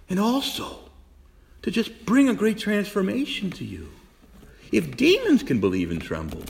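A man's voice: high-pitched, gravelly. A middle-aged man, a priest, preaching a sermon with emphatic repetition and direct questions to the congregation. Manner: animated preaching, repeats phrases for emphasis.

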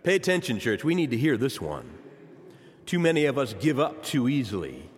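A man's voice: medium pitch, big pitch swings, moderate pace, a little hiss or hum. A man preaching a sermon, addressing the congregation directly with impassioned delivery. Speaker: pastor. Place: church sanctuary. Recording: long church reverb.

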